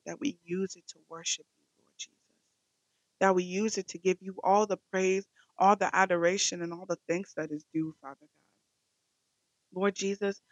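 A woman's voice: on the low side, no room sound. A woman leads a devotional podcast in a fervent, repeating prayer rhythm. The recording is dry, with no room sound, and a little dull and lo-fi. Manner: fervent, repetitive prayer cadence. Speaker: podcast host.

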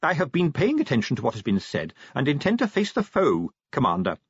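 A man's voice: wildly swooping pitch, a little fast, breathy edge, no room sound, highs cut off, full character voice. A man voicing a small, timid acting constable who talks stiffly and formally, trembling with his teeth chattering. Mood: earnest, resolute. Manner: stiff, formal and earnest, voice rising high. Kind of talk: audiobook character voice.

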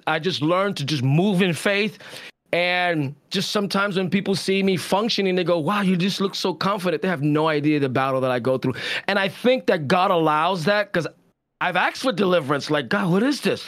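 A man's voice: high-pitched, normal speed. A man who preaches, speaking emotionally and candidly in a podcast conversation about his fears. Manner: emotional, confessional, animated storytelling.

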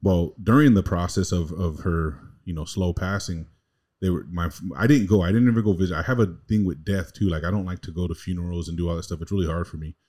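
A man's voice: low voice, fast talker, a little mellow. A man co-hosting a podcast, telling a long family story in a rambling, slangy, casual way. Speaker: podcast co-host.

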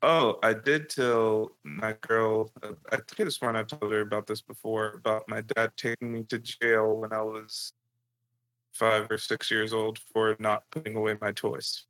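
A man in casual chat, telling a childhood story in a lively, profane way. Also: on the low side, unhurried. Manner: animated profane storytelling with laughs.

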